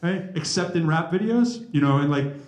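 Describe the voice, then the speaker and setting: A man giving a lively, joking talk to a college audience, speaking into a handheld mic. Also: fairly high pitch, moderate pace. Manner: joking, animated, chatty. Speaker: rapper and math professor giving a talk. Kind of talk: lively campus talk with humor. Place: college hall, echoey. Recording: echoey room.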